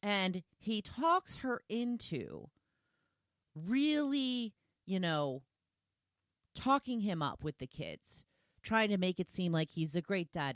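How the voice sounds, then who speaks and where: A woman's voice: fairly low pitch, a bit bright, no echo, studio quality. A woman hosting a solo podcast, talking conversationally and retelling scenes with quoted lines. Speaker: podcast host.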